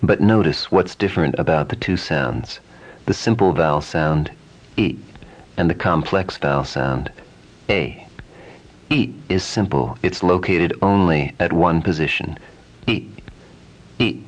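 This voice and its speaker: A man teaching Sanskrit pronunciation, speaking calmly and repeating vowel sounds again and again as drills. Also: low-pitched. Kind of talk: slow, deliberate pronunciation lesson.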